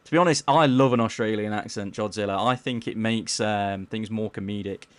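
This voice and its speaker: A man casually chatting on a live gaming stream, reading chat aloud in a mellowed-out, low-key way and tripping over words as he plays. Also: a little fast, no room sound. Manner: stumbles over words while playing.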